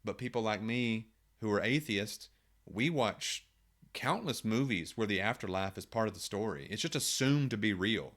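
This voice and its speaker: Man, fairly low voice, casual solo monologue, conversational, rhetorical questions, restarts. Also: lively intonation, normal speed, a bit bright. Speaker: writer.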